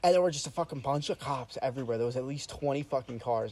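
A young man telling a story in casual chat, animated and profane, often laughing. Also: medium pitch, fast, low-quality recording.

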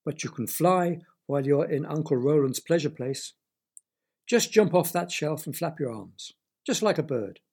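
A man's voice: a little high, animated, moderate pace, creaky, darkish tone, breathy edge, exaggerated voice. A man voicing a strange, cheerful man who coaxes a boy, in a storybook reading. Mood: coaxing. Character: odd cheerful custard-swimming man.

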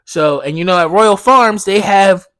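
Male podcast host with a high voice, casual and profane, jumping between heated outbursts and quiet muttered asides. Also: measured pace, dry recording. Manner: profane, animated storytelling that swings from loud indignation to low mumbling asides. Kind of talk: casual solo podcast rant.

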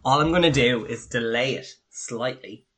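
A man's voice: medium pitch, normal speed, fairly bright tone, husky. A man with an Irish accent, co-hosting a casual beer-tasting podcast, rambling and teasing, with the odd swear when riled. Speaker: podcast co-host.

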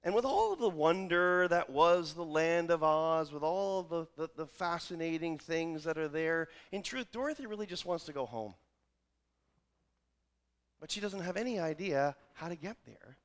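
A man's voice: fairly high pitch, animated, moderate pace. A male pastor preaching a sermon, retelling a familiar film story with wry humorous asides.

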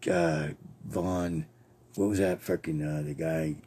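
A man's voice: a bass voice, fairly even intonation, takes it slowly, a little mellow, a little hiss or hum. A man hosting a podcast, telling rambling personal stories in a casual, profane way and laughing often. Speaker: podcast host.

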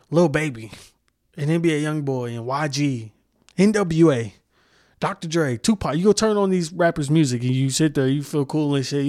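A man's voice: on the high side, darkish tone, no echo, clean studio sound. A young man hosting a solo podcast, talking casually in a heated, profane, rambling way with many restarts. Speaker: podcast host.

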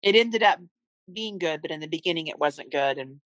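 A woman's voice: low-pitched, expressive, fairly quick, fairly bright tone, dry recording, dull audio. A middle-aged woman, a mother appearing as a podcast guest, recounting a family story in earnest, heartfelt conversation.

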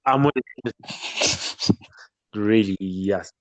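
A man hosting a casual podcast, his voice sitting a touch low. He talks in a laid-back way, drifting through fillers and pauses as he gets to his point. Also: no room sound, lo-fi sound. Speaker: podcast host.

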